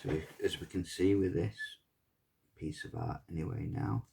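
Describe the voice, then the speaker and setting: Gravelly deep-voiced man. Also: moderate pace, mellow. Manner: chatty, rambling storyteller. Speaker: pyrography tutor. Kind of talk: casual tutorial chat while working.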